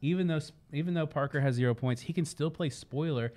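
Man, fairly high voice, playful, boastful, hype-man banter. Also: quick pace, darkish tone, soft background music. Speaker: game store stream co-host. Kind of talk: casual live-stream banter.

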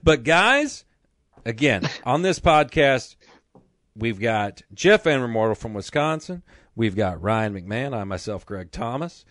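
A man hosting a fishing podcast in casual, joking chat, full of "uh"s and rambling asides. His voice sits at an ordinary middle pitch and is recorded dry and close, with no room sound. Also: very animated, unhurried, a bit bright, no echo. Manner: joking, rambling, many "uh" fillers. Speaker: podcast host.

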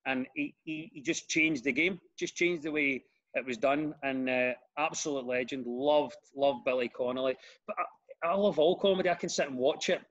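A Glaswegian man chats as a podcast guest, animated and quick to restart his sentences. His voice sits at a medium pitch. The recording sounds a little dull and muffled. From Glasgow, Scotland. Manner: animated storyteller with frequent restarts. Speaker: guest comedian and radio presenter. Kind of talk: casual podcast chat.

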